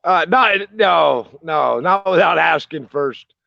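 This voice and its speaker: A man guesting on a live stream, rambling through a shout-out with lots of fillers. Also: a little high, expressive, slow pace, vocal fry, no echo. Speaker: stream guest, fellow YouTuber. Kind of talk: casual live-stream chat. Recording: muffled web-call audio.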